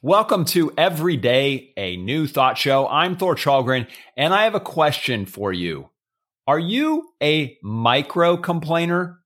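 A man hosting his own show, talking alone in an earnest, measured way with the odd hesitant filler. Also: medium pitch, fairly bright tone. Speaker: podcast host. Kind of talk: reflective solo monologue.

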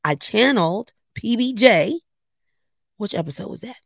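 A woman's voice: medium pitch, lively intonation, normal speed, vocal fry, no room sound, studio quality. A middle-aged woman hosting her personal podcast, talking candidly and encouragingly to her listeners while on her way to a game. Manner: chatty, candid, encouraging, addresses listeners as y'all. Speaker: podcast host. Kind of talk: casual personal podcast monologue. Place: in a car on the way to a game.

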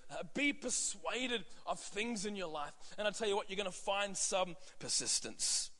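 A man's voice: sits high, animated, moderate pace, pushed and bright. A man in his thirties preaching a sermon as pastor, conversational with frequent fillers and asides. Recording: long hall reverb.

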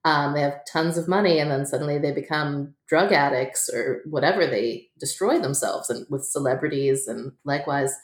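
Low-voiced chatty woman, echoey room. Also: normal speed, few pauses. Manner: chatty, laughs often, many fillers like "like" and "um". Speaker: author and guest. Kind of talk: relaxed interview conversation.

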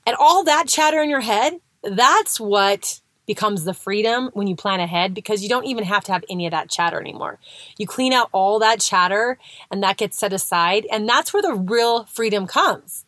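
A middle-aged woman talks through her coaching advice in a casual, chatty way. Her pitch sits in an ordinary middle range. The recording is close and dry, with no room sound. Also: expressive, normal speed, a bit bright, dry recording. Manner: chatty, conversational, lots of "like" and "right?". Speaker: weight-loss coach. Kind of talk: casual motivational talk.

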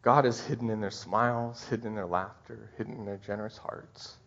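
A middle-aged man preaching a Christmas sermon as pastor, heartfelt and halting, his voice catching with emotion. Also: on the low side, fairly even intonation, creaky, fairly bright tone. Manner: heartfelt, halting, tearful at times. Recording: dull muffled recording.

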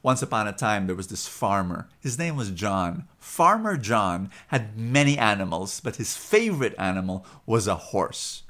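A man with a Filipino accent preaching a sermon, telling a story and repeating points for emphasis. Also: lowish voice. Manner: animated, repetitive, emphatic, laughs easily.

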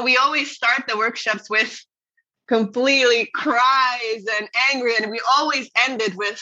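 A woman's voice: medium pitch, bright, forceful tone, muffled recording. A woman guest who teaches voice work, talking earnestly and expressively in an interview, with many fillers and restarts. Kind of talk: conversational interview.

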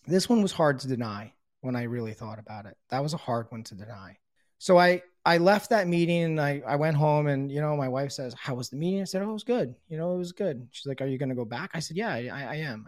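A man's voice: medium pitch, a little mellow, no room sound, studio quality. Blunt, swearing man telling his story. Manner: blunt, swears often, acts out quoted dialogue. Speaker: podcast guest telling his recovery story. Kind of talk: casual storytelling.

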